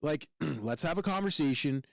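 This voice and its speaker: A man's voice: a little high, lively intonation, moderate pace, no echo. Blunt, profane man telling a story. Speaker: podcast co-host; firefighter. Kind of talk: casual chat.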